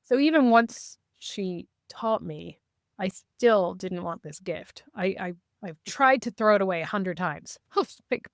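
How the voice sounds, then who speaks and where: A woman guest in a casual interview, telling stories in a lively way and acting out what people said. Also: mid-range voice, a little slow, dry recording, studio quality. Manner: lively, acts out quoted dialogue. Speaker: podcast guest, intuitive reader.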